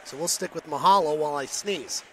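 Bright, high-voiced man calling hockey. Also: a little hiss or hum. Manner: rapid, clipped play calls with chatty asides. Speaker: play-by-play announcer. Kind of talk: hockey play-by-play commentary.

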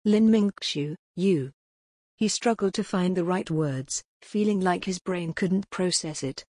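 A woman reads a novel aloud in an even, measured storybook delivery. Her voice is husky and rather low, and the recording is close and dry with no room sound. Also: no room sound. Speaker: audiobook narrator. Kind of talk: scripted narration.

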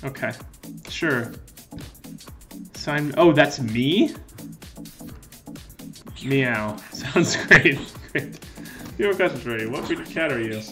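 A man's voice: fairly high pitch, expressive, unhurried, long pauses, faint music behind. A man giving joking let's-play commentary in a playful, goofy way, answering in mock meows. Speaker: gaming video creator.

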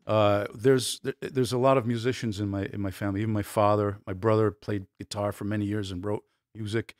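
A man's voice: lowish voice, little pitch movement, fairly quick, no room sound. Chatty male actor, dry close sound. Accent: American English. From born in Naples, raised in New Jersey. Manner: chatty, laughs easily, restarts sentences. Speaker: actor guest. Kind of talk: casual interview chat.

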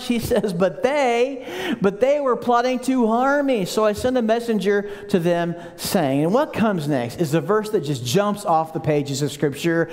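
A man preaching in a big church hall, his fairly high voice ringing with a long reverb. He jumps into the voices of the people he quotes and brings the congregation in to repeat lines back with him. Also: expressive, normal speed, a little mellow. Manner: leads the congregation in call-and-response. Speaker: pastor. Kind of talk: sermon.

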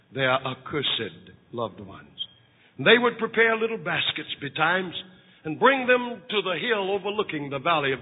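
A male pastor preaching a dramatic sermon story, switching between loud and hushed, in a tinny, echoey hall recording. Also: fairly high pitch, breathy edge. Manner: impassioned, swinging from loud to hushed.

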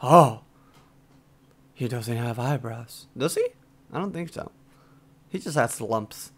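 A young man doing let's play commentary, excitable and swearing, yelling at the game. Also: mid-range voice, slow pace, long pauses. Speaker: gaming YouTuber. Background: loud game music and fight sounds.

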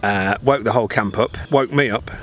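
A man's voice: lowish voice, normal speed, a little hiss or hum. A man from the UK on a road trip, chatting and telling stories for a travel vlog with plenty of jokes. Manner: chatty, animated storytelling with joking. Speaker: vlogger. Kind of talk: casual travel vlog chat.

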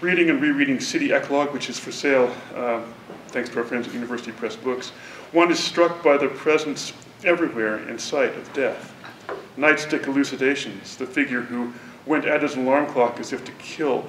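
Man giving a measured lecture introduction. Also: a bit bright. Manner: measured, deliberate academic delivery. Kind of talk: prepared literary introduction. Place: university lecture hall. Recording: roomy hall from a distance, faint rumble.

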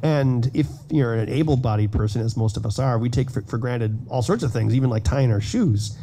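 A man's voice: mid-range voice, fairly quick, a little hiss or hum. Casual man giving a keynote talk. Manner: casual, self-deprecating, animated storytelling. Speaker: keynote speaker. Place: conference hall stage.

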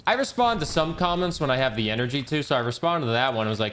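A man's voice: medium pitch, animated, fast, few pauses, fairly bright tone. A man streaming a video game, chatting casually in a rambling, joking, self-mocking way, over game music. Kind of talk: casual gaming commentary.

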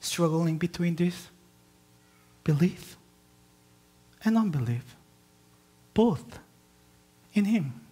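A woman pastor preaching a sermon, moving from quiet reflection to loud, impassioned emphasis and posing rhetorical questions to the congregation. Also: lowish voice, expressive, extremely slow, pauses often, breathy edge.

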